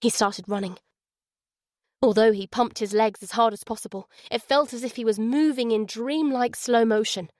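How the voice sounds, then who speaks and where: A woman reading a thriller audiobook in a measured, suspenseful way. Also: on the high side, a little mellow, no echo, clean studio sound. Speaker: audiobook narrator. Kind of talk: scripted audiobook narration.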